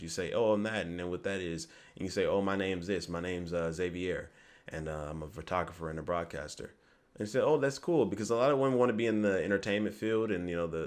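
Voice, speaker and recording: A young man giving rambling casual dating advice to camera, often asking "you get me?". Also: deep voice. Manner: rambling, repeats "you get me", acts out quoted lines.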